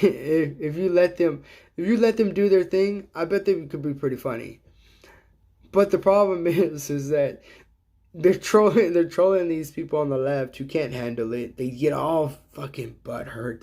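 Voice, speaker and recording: A man's voice: fairly high pitch, mellow. A middle-aged man hosting a casual livestream, talking in a rambling, profane way and chuckling at his own jokes. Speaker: livestream host.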